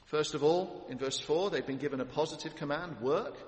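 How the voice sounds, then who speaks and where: A man's voice: on the high side, a little fast, a little hiss or hum. A man preaching an expository sermon in a church, building to emphatic lists of titles. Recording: echoey hall with long reverb.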